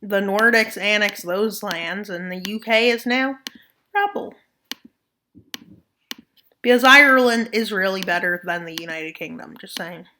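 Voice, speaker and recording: A woman's voice: medium pitch, normal speed, few pauses, sharp tone, slight background noise. A woman narrating a map scenario video, with playful jokes and asides. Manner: joking asides, playful mock voices. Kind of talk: casual commentary over a map scenario.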